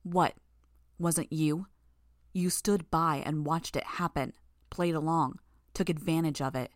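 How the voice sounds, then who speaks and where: A woman voicing a bitter young woman healer who speaks in a cool, mocking, quiet way. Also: deep voice, steady tone, a little slow, no echo, studio quality. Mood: cold, bitter.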